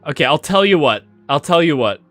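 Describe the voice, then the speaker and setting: A man's voice: on the high side, fairly quick, no room sound, soft background music. A male game streamer chatting casually on a live stream, swearing and laughing as he thanks donors. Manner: animated, swears, laughs a lot.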